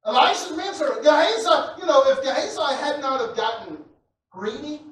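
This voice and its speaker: Preacher shouting in an echoey church. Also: male voice, very high voice, animated, normal speed. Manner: builds to loud shouting passages, repeats words, chuckles. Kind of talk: sermon. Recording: echoey church hall from a distant mic with faint noise.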